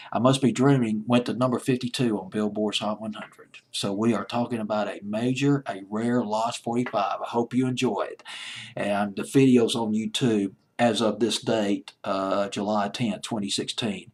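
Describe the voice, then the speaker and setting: A man's voice: lowish voice, fairly even intonation, moderate pace, darkish tone, breathy edge. A man hosting a countdown of old playlist songs, chatting in a rambling way and correcting himself as he goes. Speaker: music countdown host. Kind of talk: casual spoken countdown commentary.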